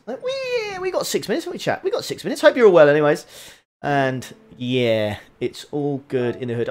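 A man chatting casually to viewers on his sim racing live stream, excitable and repeating his phrases. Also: on the high side.

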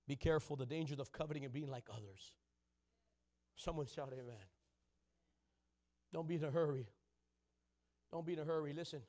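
A young adult man preaching a rousing sermon, calling for the congregation to answer and often breaking into shouts. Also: a little high, moderate pace, pauses often.

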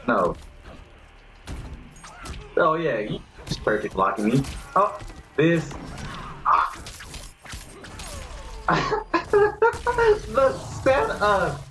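A man giving excitable, swearing live commentary while playing a fighting game, reacting loudly to every move. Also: on the high side, slow pace, pauses often. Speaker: gamer.

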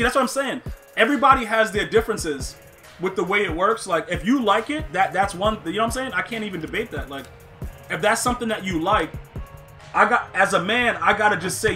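A man giving casual, slangy live commentary on a football video game, excitable, laughing often and talking to his chat. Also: high-pitched. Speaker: gaming streamer.

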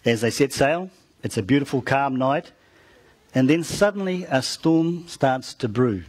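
Male preacher, husky mid voice, dramatic storytelling sermon with asides to the congregation. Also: mid-range voice, lively intonation, measured pace. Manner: dramatic retelling that drops soft at phrase ends; talks to the listeners with asides.

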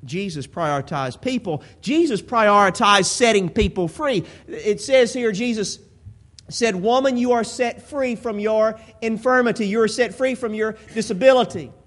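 A man preaching a sermon as pastor, repeating phrases and building into drawn-out, impassioned declarations. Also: high-pitched, fairly bright tone.

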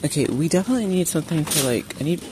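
Racing along in a low-pitched, animated voice, a woman talks to her viewers while browsing a large store and calling out prices. Allergies leave her a bit sniffly, and the recording carries the ambient noise of the indoor retail space around this casual shop-with-me vlog.

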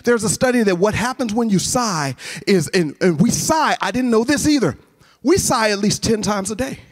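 A man's voice: sits high, moderate pace. A man speaking at a college chapel, telling a humorous personal story in a sermon and acting out the voices of the people in it. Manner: animated, acts out voices in his stories.

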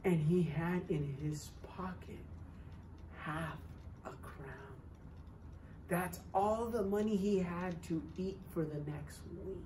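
A woman telling a missionary story to children at church, with animated and dramatic shifts in loudness. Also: lowish voice, slight background noise.

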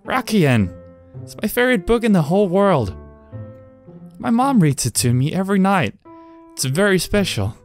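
A man's voice: sits high, sing-song, normal speed, pauses often, faint music behind, voice pushed up. A man voicing an eager young boy in a hospital, stammering when upset, in a game. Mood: excited.

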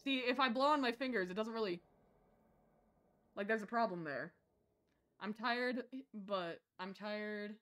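A woman streamer chatting through a horror game, swinging between shouted insults and quiet mumbling asides, rambling and joking with her chat. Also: mid-range voice, unhurried, long pauses.

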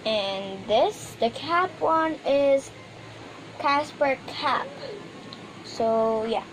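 Slow, rambling woman in a noisy room. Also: high-pitched, lively intonation. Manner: rambling and hesitant, with many fillers. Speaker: toy unboxing vlogger. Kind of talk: casual unboxing chat.

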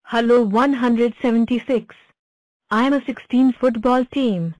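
Cartoon number block, female voice, higher pitched, very slow, dry. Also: no room sound, natural voice, rough recording. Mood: plain. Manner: slow, flat self-introductions. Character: cheerful talking number block.

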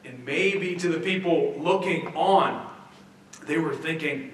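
A man's voice: on the high side, unhurried, slight background noise. A man pastor giving a conversational sermon in a church, full of restarts and rhetorical questions. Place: church sanctuary. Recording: very echoey church hall, mic at a distance.

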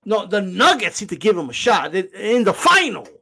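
Man, reaction host, argumentative, high and animated delivery. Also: normal speed, gravelly, breathy edge. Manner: argumentative, keeps repeating "right?". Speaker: channel host reacting to a clip. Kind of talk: heated reaction commentary.

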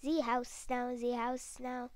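Woman, gaming host, casual gameplay commentary, giggly, whispered asides, high voice, unhurried. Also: little pitch movement, clear, resonant tone, no echo.

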